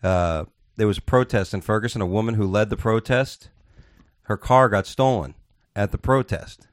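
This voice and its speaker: A man's voice: on the low side, moderate pace, dry recording, studio quality. A man hosting a casual talk show, telling crude stories and acting out the voices of the people in them. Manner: profane, animated storyteller acting out voices. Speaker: podcast host.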